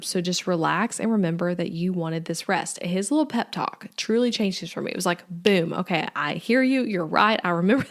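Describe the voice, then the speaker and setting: A young woman with a drawl hosts her own podcast and talks through it in a relaxed, chatty way. She fills her speech with likes and ums and sounds friendly and conversational. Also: mid-range voice. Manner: chatty, lots of "like" and "um". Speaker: podcast host. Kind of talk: casual solo podcast talk.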